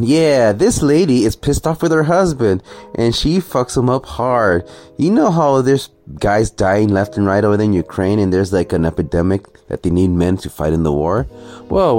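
A man's voice: fairly low pitch, a little mellow. A man ranting sarcastically and profanely through a reaction commentary video. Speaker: commentary vlogger.

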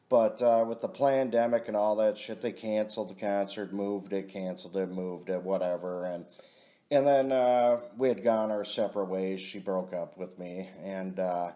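A man's voice: on the low side, mellow. A middle-aged man telling a rambling personal story in a casual vlog, swearing often and calling himself "your buddy". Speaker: vlogger.

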